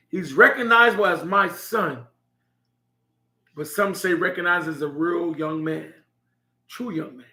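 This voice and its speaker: A man's voice: sits high, bright, forceful tone. A middle-aged man telling a heartfelt story about his son, laughing now and then as he speaks. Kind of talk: personal storytelling. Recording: echoey room.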